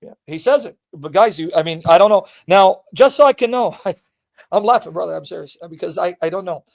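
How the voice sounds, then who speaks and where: A man's voice: high-pitched, animated, brisk, creaky. A man hosting a casual online religious discussion, reading long quotes aloud and pressing his guests with emphatic questions. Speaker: host of a religious debate stream.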